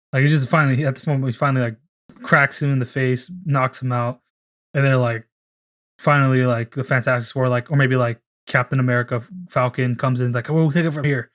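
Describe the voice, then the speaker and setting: A young man co-hosting a podcast rambles casually as he pitches a story. He swears freely and briefly puts on voices for the characters.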